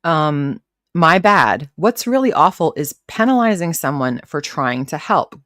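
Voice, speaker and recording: A woman's voice: sits low, very animated, a little slow, fairly bright tone, dry recording, studio quality. A woman hosting a casual live stream, chatting and rambling as she reads posts aloud and greets viewers in the chat. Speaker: livestream host reacting to commentary.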